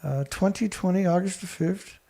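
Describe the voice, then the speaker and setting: A man hosting a show, reading research text aloud haltingly and breaking in with scornful remarks to an absent critic. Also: high-pitched, creaky, mellow. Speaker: show host. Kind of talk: reading documents aloud with commentary.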